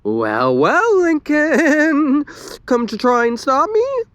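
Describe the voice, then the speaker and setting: A man's voice: extremely high pitch, wildly swooping pitch, slow pace, a bit bright, no room sound, pitched above the performer's own voice, heavily acted. A man voicing a gleeful teenage girl prankster who taunts in a sing-song tone. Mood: gloating.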